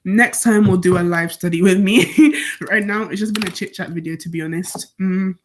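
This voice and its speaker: A woman's voice: fairly low pitch, steady tone, normal speed, slight background noise. A seventeen-year-old woman from Nigeria chatting casually on a study live stream, rambling as she answers questions from her viewers. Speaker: student streamer.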